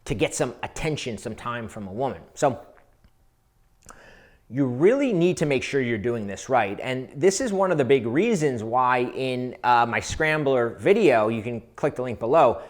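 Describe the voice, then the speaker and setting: A man's voice: medium pitch, lively intonation, moderate pace. A man speaking as a dating coach, giving casual, conversational advice to viewers, often repeating words as he goes. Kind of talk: advice monologue.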